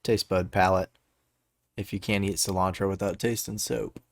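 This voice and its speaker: A man with a Southern twang, his voice a bit low, chats easily on a podcast. He laughs often and keeps things loose and casual. The sound is dry and close. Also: little pitch movement, moderate pace, creaky, dry recording. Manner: laid-back, laughs easily, says bro. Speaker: podcast co-host. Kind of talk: casual chat.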